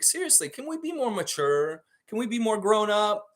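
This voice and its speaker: Animated, profane male sports host. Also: moderate pace. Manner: animated, profane, mocks fans with whiny high baby voices. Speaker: podcast host. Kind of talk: live-stream sports chat.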